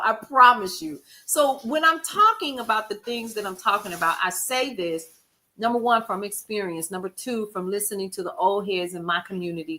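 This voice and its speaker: A woman hosting a casual livestream, talking to viewers in a folksy, expressive way, calling out names from the chat and telling stories with lively quoted asides. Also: mid-range voice. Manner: expressive, folksy, animated storytelling with chat shout-outs. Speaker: livestream host.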